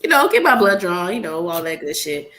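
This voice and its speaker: A woman's voice: fairly low pitch, big pitch swings, fairly quick, pushed and bright, slight background noise. A woman guest in a casual group chat, telling a story in a blunt, profane, exasperated way.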